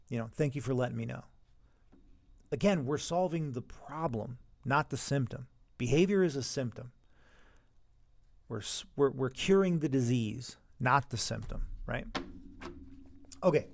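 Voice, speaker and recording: A man teaching classroom management in a conversational way, sometimes acting out calm talks with students. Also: mid-range voice, moderate pace, creaky, pauses often, no echo. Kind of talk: instructional talk on classroom management.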